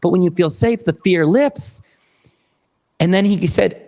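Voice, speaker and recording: A man guesting on a podcast, telling a client story with energetic enthusiasm and acting out the dialogue. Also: sits high, a little slow. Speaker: podcast guest, therapy program founder. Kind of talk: animated storytelling.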